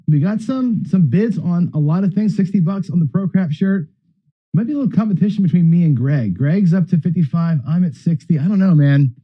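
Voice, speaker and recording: Man, live stream host, rambling casual chat, slightly high voice, lo-fi dry audio. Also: no room sound. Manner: chatty, rambling with restarts and throat clearing.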